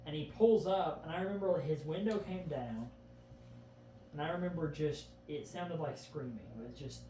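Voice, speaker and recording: A man with a fairly high, warm voice speaks at a moderate pace as a guest on a casual podcast, earnestly retelling events in vivid detail and often opening with "I remember." The room is echoey, he's far from the mic, and a faint hum sits in the background.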